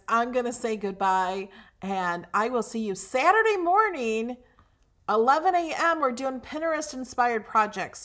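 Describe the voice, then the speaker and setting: A woman's voice: fairly high pitch, a bit bright. A woman hosting a craft livestream, chatting casually with viewers, gushing over her projects with fillers and restarts.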